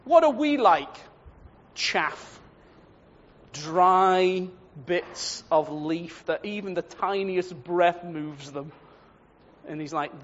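High-voiced animated preacher in a reverberant hall. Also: male voice, drawn-out words, pauses often. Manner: lively, animated, acts out quoted voices, laughs at his own points. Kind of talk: sermon on the Psalms. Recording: dull lo-fi sound with long hall reverb.

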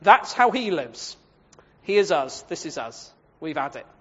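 A man preaching a sermon on the Psalms, lively and animated, acting out quoted voices and laughing at his own points. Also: fairly high pitch, unhurried, slightly rough. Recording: dull lo-fi sound with long hall reverb.

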